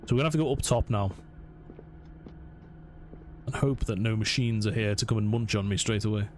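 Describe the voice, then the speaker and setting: A man's voice: on the low side, a little fast, noisy background. A man commentating a horror let's play, nervously narrating his every move to himself. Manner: jumpy, self-narrating, talking himself through scares. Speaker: gaming channel host.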